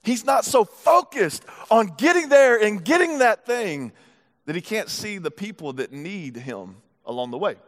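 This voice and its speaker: High-voiced pastor preaching in a hall. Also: male voice, expressive, measured pace. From United States. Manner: casual, joking asides. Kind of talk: sermon.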